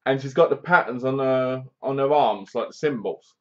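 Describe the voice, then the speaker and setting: A man's voice: medium pitch, normal speed, a bit bright. A man giving a casual, rambling spoken film review, retelling scenes with sound effects and asides. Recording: dull lo-fi home recording.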